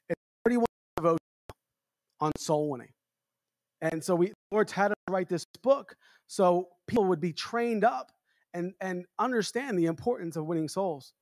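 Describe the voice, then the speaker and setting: American evangelist man, high voice, dry close sound, jokey storyteller who acts out the quotes. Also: no room sound. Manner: animated, jokey, acts out quotes with big pitch jumps. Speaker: evangelist preacher. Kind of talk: storytelling sermon. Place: church revival meeting.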